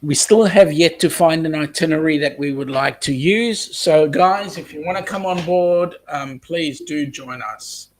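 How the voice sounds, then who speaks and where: A man's voice: on the high side, measured pace, hardly any pauses. An Australian man hosting a casual live stream, chatting and reading out viewer comments with plenty of ums. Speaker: host reading live chat.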